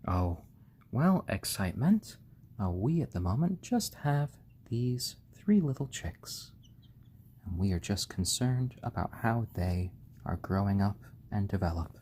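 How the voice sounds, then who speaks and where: Man, live stream host, soft doting voice, lively pitch, faint background hiss. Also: measured pace. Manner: gentle, doting, talks softly to the chicks. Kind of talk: casual live stream chat.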